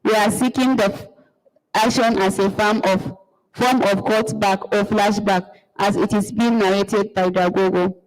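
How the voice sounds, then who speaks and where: A woman reading the stage directions of a play aloud at a steady pace. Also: medium pitch, measured pace. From Nigeria. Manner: steady, with occasional restarts. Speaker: marathon reader. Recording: long hall reverb.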